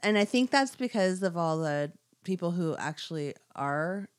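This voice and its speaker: A woman's voice: lowish voice, lively intonation, moderate pace, clean tone. A woman co-hosting a casual chat about a film, joking and acting out quotes from scenes. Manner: jokey, acts out quotes from scenes. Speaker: podcast co-host.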